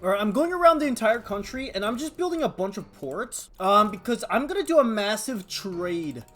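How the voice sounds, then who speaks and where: Excitable young gamer guy, lively pitch. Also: brisk. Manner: excitable, laughs often, hypes up his audience. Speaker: gaming YouTuber. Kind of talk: strategy game commentary.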